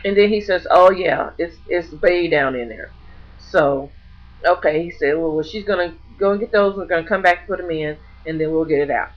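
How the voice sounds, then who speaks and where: A woman vlogger tells a personal story to camera in casual speech, her voice on the low side and brisk, in a muffled recording. She's animated, acting out other people's lines with many restarts and repeated words.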